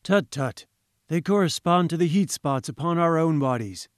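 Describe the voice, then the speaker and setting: A haughty scientist , put on by a male audiobook reader, holds forth with grand, patronizing certainty. The voice sits a touch high and the sound is dry and close, as if spoken right into the mic. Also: lively intonation, normal speed, no echo, close to an everyday voice. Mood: pompous, lecturing. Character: pompous, condescending male professor-scientist. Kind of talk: audiobook character voice.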